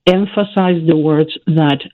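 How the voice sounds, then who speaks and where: A woman's voice: sits low, a little slow, dry recording. A woman guest expert giving earnest, coaching advice on a radio call-in. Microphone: phone. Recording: tinny phone line.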